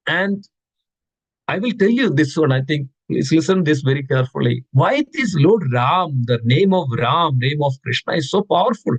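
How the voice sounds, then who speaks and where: A man's voice: on the high side, dry recording, rough recording. A man giving a devotional scripture class, reciting verses and asking his listeners questions, often repeating words for stress. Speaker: class speaker.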